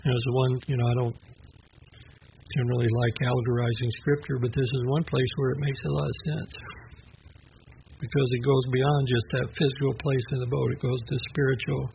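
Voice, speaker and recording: A man with a gravelly, creaky voice gives a conversational sermon, moving from a personal memory into reflection on scripture. He talks at an easy pace, with small restarts and the odd soft laugh. The recording is dull and lo-fi, with a faint hiss behind him. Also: medium pitch, flat delivery, fairly quick. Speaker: preacher.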